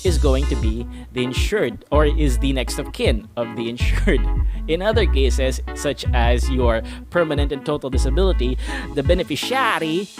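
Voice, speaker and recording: A man's voice: medium pitch, lively intonation, moderate pace, over music. Chatty man over hip hop. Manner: chatty, playful, laughs while explaining. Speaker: insurance explainer host. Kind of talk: casual educational talk to camera.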